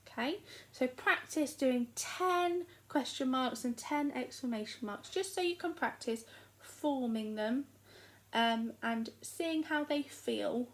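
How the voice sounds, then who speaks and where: A young woman with an English accent, a primary school teacher giving a recorded lesson in a slow, clear, encouraging way to small children. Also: sits high, low-quality recording.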